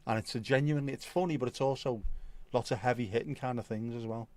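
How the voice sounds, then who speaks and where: A middle-aged livestream host talks fast in a medium-pitched, darkish voice, with no room sound on the recording. Chatting casually over viewer comments, he frequently laughs and swears.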